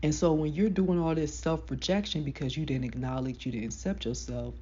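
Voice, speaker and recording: A woman with a deep voice giving casual, frank motivational advice to camera. She talks emphatically, in slang. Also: fairly even intonation, a little fast, dark tone, husky, dull audio. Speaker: self-help vlogger.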